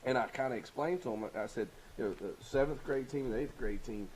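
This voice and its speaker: A man coaches through his answers in a relaxed, halting way. He laughs easily and restarts his sentences as he goes. A faint hiss sits under the recording. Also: mid-range voice, poor audio. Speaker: high school basketball coach. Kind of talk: casual interview chat.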